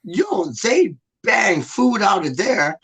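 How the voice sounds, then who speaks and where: Man, casual chat, slangy, swears a lot, animated, slightly high voice. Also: slow pace, slightly rough.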